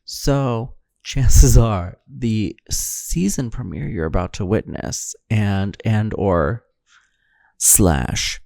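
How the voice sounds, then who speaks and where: A man hosting a podcast, talking solo in a groggy, deadpan, rambling way in the early morning. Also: fairly low pitch, drawn-out words, gravelly, dry recording, clean studio sound. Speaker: podcast host. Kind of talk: solo intro monologue.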